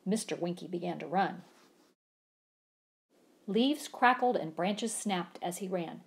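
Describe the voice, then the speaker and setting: A woman's voice: fairly low pitch, slow pace. A woman reading a children's storybook aloud, acting out the sound effects with gusto. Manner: animated, acts out sound effects.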